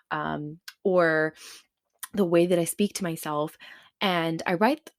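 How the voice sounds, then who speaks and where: A woman hosts her own podcast in a relaxed, chatty way, fond of calling the listener baby and honey. Her voice sits a bit low, and the sound is close and dry with no room in it. She sprinkles her talk with fillers and quick tag questions. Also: no echo. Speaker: podcast host. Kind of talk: casual solo podcast talk.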